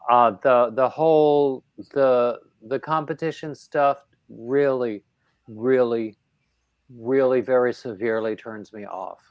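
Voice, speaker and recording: A man chats slowly and at an easy, unhurried pace as he hosts a livestream. He rambles, with plenty of fillers and restarts, at a middling pitch. His voice is close and dry, with no room sound. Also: no room sound, muffled recording. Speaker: livestream host. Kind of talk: casual chat on a livestream.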